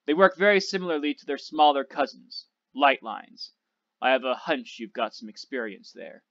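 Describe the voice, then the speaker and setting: A clipped, commanding old flight instructor with a sarcastic edge, voiced by a man reading aloud. His voice sits at an ordinary middle pitch. The recording is dull and dry, with no room sound. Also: expressive, moderate pace, fairly bright tone, no room sound, lightly acted. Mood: instructing.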